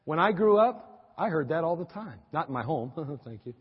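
A middle-aged man preaching a sermon, folksy and animated, with teasing asides to the congregation. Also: a little high, moderate pace, slightly rough. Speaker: pastor. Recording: dull, lo-fi audio with long church-hall reverb.

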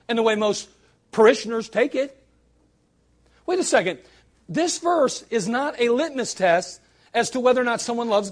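A man with a notably high voice preaching at a church service. He presses his points with rhetorical questions and dry, sarcastic asides. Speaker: pastor. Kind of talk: sermon.

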